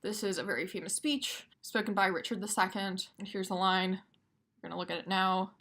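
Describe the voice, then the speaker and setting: A woman's voice: medium pitch, steady tone, a little fast, fairly bright tone. Woman explaining poetry, casual and emphatic. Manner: casual, emphatic, taps out rhythms aloud. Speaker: poetry teacher. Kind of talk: explaining poetry for exam review.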